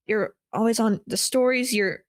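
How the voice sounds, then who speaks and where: A woman's voice: a little high, moderate pace, dry recording, clean studio sound. A woman hosting a casual podcast chat, speaking with enthusiasm and heaping praise on her guest. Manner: warmly enthusiastic, full of praise. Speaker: podcast host.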